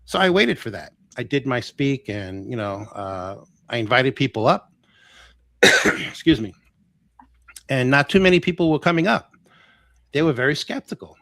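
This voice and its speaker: Male guest storyteller, animated, plays the quoted lines, dry close sound. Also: mid-range voice, normal speed, long pauses, dry recording. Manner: animated, acts out quoted dialogue. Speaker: guest healer. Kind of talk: casual storytelling.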